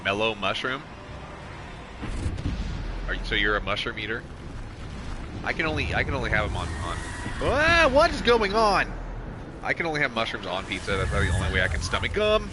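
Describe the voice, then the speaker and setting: A middle-aged man streaming a game and chatting casually, excitable and swearing at the game. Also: lowish voice, quick pace, long pauses, noisy background. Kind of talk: casual live stream chat. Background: game music.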